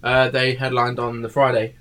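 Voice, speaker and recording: A man's voice: mid-range voice, monotone, moderate pace, a bit bright. A man, tired, telling a rambling story in a casual chat full of fillers and swearing.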